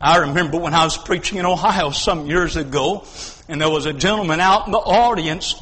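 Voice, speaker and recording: A male preacher delivering a fervent sermon at a church service, swinging between hushed and shouted lines. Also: fairly high pitch, a little fast, breathy edge, long reverb tail.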